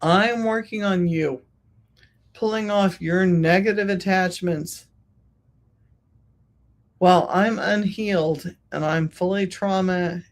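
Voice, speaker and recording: Slow, deliberate spiritual podcast host. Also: medium pitch. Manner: slow, repetitive, emphatic phrasing. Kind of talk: reflective podcast monologue.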